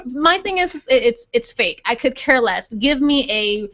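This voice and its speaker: High-pitched woman, blunt and fed up, kinda far from the mic on a dull call. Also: lively intonation, moderate pace, sharp tone. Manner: blunt, emphatic, dismissive. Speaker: co-host. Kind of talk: casual chat.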